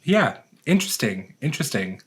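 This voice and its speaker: Lively young man joking around. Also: mid-range voice, moderate pace, slightly rough. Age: young adult. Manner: joking, rambling, heavy with "um"s. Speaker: podcast co-host. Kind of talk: casual chat.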